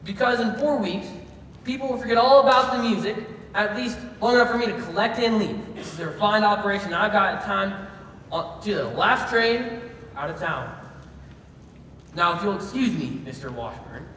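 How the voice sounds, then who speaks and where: A man playing a smooth-talking, confident con man on a community theater stage, picked up from far off. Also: high-pitched, animated, normal speed, pushed and bright, a little hiss or hum. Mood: scheming. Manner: slick, confident, persuasive. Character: smooth-talking fast-dealing con man, adult male. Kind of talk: stage musical acting. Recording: echoey hall from far off.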